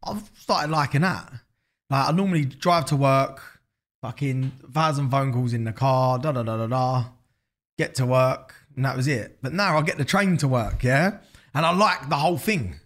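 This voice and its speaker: Animated swearing Essex man. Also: a little high. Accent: Essex English. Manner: animated, swears freely, repeats himself. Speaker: podcast guest, business founder. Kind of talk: casual interview chat.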